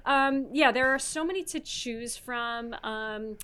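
A woman's voice: a little high, takes it slowly, pushed and bright, smooth. A woman hosting a podcast, chatting casually about a film with lots of fillers and the odd swear. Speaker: podcast host. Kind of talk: casual chat.

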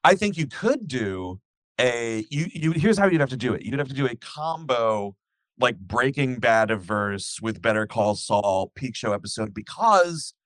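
Animated rambling man, dry sound. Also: mid-range voice, a little slow, no room sound. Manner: rambling, animated, acts out scenes while retelling. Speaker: podcast co-host. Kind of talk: casual chat.

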